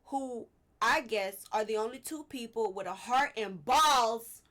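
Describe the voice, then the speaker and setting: A woman's voice: a little high, normal speed, a bit bright. A woman hosting a casual commentary vlog, exasperated and rambling, with frequent restarts and apologetic asides. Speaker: vlog host.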